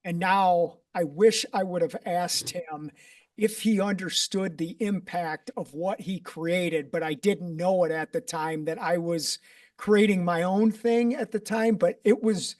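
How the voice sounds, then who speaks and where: A man hosting a podcast interview and speaking earnestly and reflectively, with fillers and pauses. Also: high-pitched, a little mellow. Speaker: podcast host. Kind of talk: conversational interview. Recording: voice from a distance off the mic.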